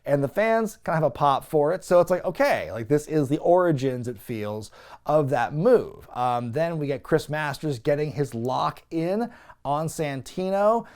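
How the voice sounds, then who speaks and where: A man hosting a wrestling review show, giving a casual, sarcastic, animated recap with some swearing. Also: on the high side, normal speed.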